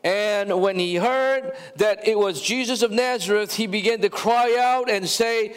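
A male pastor delivers a lively sermon in a high voice, speaking straight to his congregation with restarts and fillers. He slows to stretch out key words and swells in volume on the emphatic parts. The sound carries a long reverb from the church sanctuary. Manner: animated preaching, often stretching words and crying out louder.

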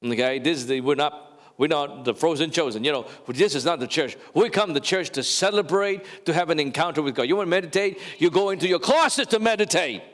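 A male pastor preaching a sermon, addressing the congregation directly, animated and drawing words out as he cries them louder. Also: on the high side, brisk, long reverb tail. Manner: talks straight to the congregation, with fillers and restarts. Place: church sanctuary.

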